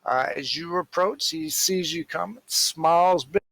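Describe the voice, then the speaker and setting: A man narrating a tabletop role-playing game as game master, in a slow, rambling, casual way with fillers. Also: fairly high pitch, fairly bright tone, dry recording, rough recording.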